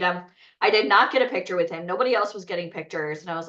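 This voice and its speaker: A woman hosting a talent event, telling a lively personal story to an audience, cursing freely and asking them questions. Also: mid-range voice, quick pace. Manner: animated, swearing, asks the audience questions. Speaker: event host and talent coach. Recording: dull, lo-fi sound.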